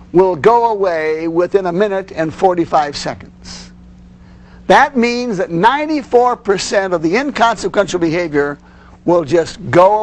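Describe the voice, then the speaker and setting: High-voiced man lecturing parents. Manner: earnest, with frequent "you see". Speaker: parenting instructor.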